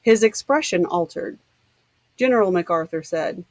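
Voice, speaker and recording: A woman's voice: medium pitch, moderate pace, darkish tone, no room sound, low-quality recording. Woman reading a novel aloud, dry sound. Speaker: audiobook reader. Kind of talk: novel narration.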